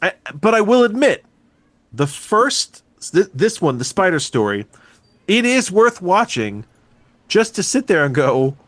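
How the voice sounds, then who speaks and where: A man's voice: sits high, no echo. A man with a wife and young daughter, chatting casually and mocking a bad movie, swearing freely. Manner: animated, profane, quick to mock. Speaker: podcast co-host. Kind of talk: casual movie review chat. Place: podcast recording.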